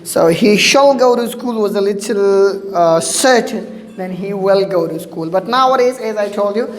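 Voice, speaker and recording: A woman's voice: mid-range voice, a little slow. A woman teaching an English grammar lesson, explaining patiently and repeating her points, with frequent filler sounds. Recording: echoey room with faint hiss.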